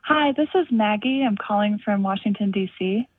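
A woman's voice: medium pitch, moderate pace, dry recording. Chatty young woman on a phone line. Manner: chatty, curious, filler-heavy. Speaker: caller. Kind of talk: phone-in chat.

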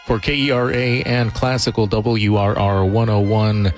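Male radio reporter, low voice, steady scripted read over a music bed. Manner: measured, even reading. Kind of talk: scripted news narration.

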